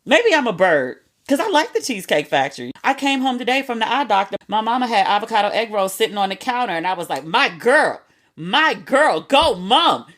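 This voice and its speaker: A woman's voice: mid-range voice, sing-song, quick pace, hardly any pauses. A woman hosting a podcast, telling stories in a casual, candid monologue with slang and the odd curse word. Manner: candid, chatty, with slang and cursing. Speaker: podcast host.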